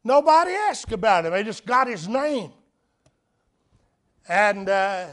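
Male preacher, high voice, storytelling sermon that drops to a hush and climbs to loud appeals. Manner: dramatic swings from hushed to loud.

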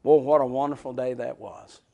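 A man preaching a folksy sermon, moving from hushed near-whispers to loud shouts. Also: medium pitch, steady tone, normal speed, creaky. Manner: folksy, laughs between points. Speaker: pastor.

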